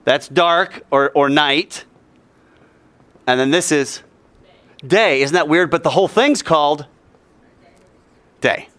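A man's voice: a little high, slow pace, long pauses, fairly bright tone, no echo. A man giving an informal Bible lesson, acting out little mock dialogues and dropping jokey asides. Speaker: Bible teacher.

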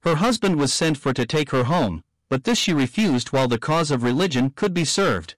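A man reading archaic prose aloud as an audiobook narrator, in a steady, plain manner. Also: fairly high pitch, normal speed, no room sound, rough recording. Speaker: reader. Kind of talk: audiobook reading of old text.

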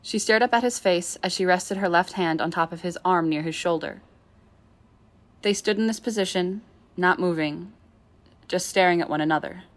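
A woman reading a novel aloud in steady storytelling narration. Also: fairly low pitch, moderate pace. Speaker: audiobook reader. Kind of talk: scripted narration of a fan novel.

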